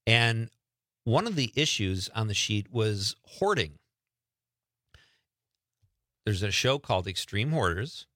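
A man's voice: fairly low pitch, sharp tone, dry recording, clean studio sound. A man hosting a show, chatting casually and joking at his own expense. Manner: chatty, joking, self-deprecating. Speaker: show host. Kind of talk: casual radio-style chat.

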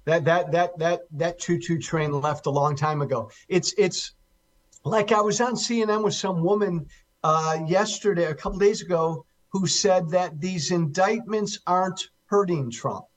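A man with a fairly high voice talks as a guest on political talk radio. He hammers his points home with emphasis, often repeating a word several times over. His delivery sounds forceful and insistent. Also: unhurried. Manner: emphatic, repeats key words for stress. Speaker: guest commentator.

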